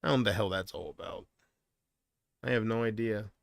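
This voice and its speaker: A man's voice: on the low side, brisk, vocal fry, dry recording, clean studio sound. Rambling man streaming from home. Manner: rambling and hesitant, trailing off. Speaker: livestreamer. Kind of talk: casual livestream chat.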